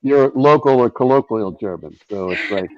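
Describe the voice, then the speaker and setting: A man hosting a loose comedy round-table, talking in a rambling way full of restarts and quick laughs. His voice comes through a dull, muffled mic, dry and close, with no room sound. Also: mid-range voice, expressive, no room sound. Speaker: host.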